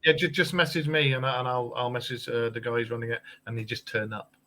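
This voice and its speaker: A man's voice: medium pitch, flat delivery, quick pace, bright, forceful tone, poor audio. A middle-aged man from England chatting as a guest, telling jokey anecdotes and slipping into voices. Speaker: guest, paranormal investigator and podcaster. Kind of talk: casual chat.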